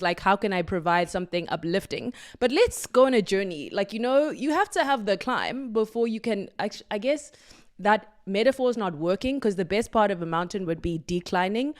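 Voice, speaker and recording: A woman hosting her own podcast, talking solo in an effusive, affirming and playful way. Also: medium pitch. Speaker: podcast host.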